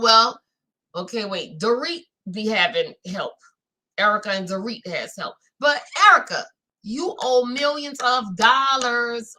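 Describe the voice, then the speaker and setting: Bright-voiced New Orleans woman. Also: a little high, poor audio. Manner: animated, talks straight to viewers, reads out chat comments. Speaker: reality-show recap host. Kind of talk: chatty live-stream recap.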